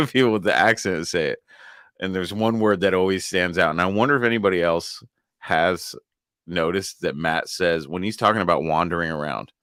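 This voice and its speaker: Brief: male podcast co-host, deep but bright voice, lively swings in pitch, dry close sound, profane and giggly. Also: clear, resonant tone, no room sound. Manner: profane, laughs a lot, animated. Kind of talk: casual chat.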